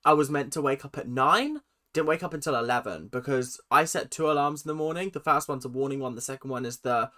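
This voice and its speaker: A man's voice: medium pitch, quick pace, pushed and bright. A British man chatting casually as he reacts to a show, laughing and mimicking lines he hears. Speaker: reaction video host.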